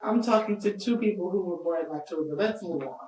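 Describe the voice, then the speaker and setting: A woman's voice: on the low side, fast, warm tone, echoey room, distant mic, poor audio. A woman co-hosting a casual podcast chat, blunt and joking as she keeps steering the talk to the next topic. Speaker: podcast co-host.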